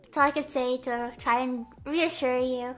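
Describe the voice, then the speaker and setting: A woman's voice: high voice, fairly even intonation, unhurried, soft background music. A young woman streaming as a VTuber, chatting casually in a rambling, stammering, Valley-girl way full of fillers. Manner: stammering, repeating phrases. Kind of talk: casual livestream chat.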